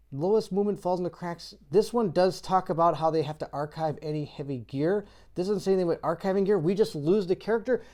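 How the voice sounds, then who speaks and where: A chatty host talks through a solo board game, reading rule cards aloud and puzzling over choices. The voice is mellow and warm, with frequent laughter and bursts of excitement. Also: medium pitch. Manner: laughs often and gets excitable. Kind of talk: casual solo board game playthrough commentary.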